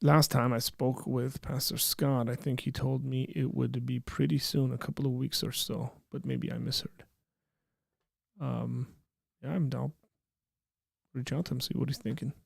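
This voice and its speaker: A man hosts a casual live stream and reads viewer comments aloud with a joking, easygoing manner. His voice sits at an ordinary pitch with a gravelly edge. The sound is dry and close. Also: level tone, moderate pace, a little mellow, no echo. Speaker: streamer hosting a live chat.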